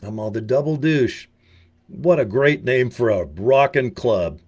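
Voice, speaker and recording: A man's voice: medium pitch, expressive, slow pace, darkish tone, breathy edge. An older man from the US giving a rambling, joking casual monologue as a video presenter, full of slang and asides. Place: home in Utah.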